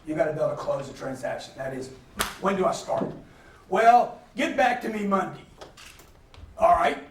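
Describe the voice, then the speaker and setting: Brief: high-pitched male motivational speaker, punchy and animated, recorded at a distance in an echoey hall. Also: normal speed. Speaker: guest speaker. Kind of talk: motivational business lecture. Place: lecture hall. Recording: roomy hall, mic at a distance, faint ambience. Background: audience laughter.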